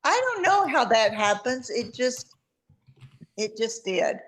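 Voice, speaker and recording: A woman's voice: a little high, very animated, slow pace, a bit bright. Southern-drawling woman telling stories. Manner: chatty storytelling, easy laughs. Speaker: guest distributor. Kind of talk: casual video-call chat.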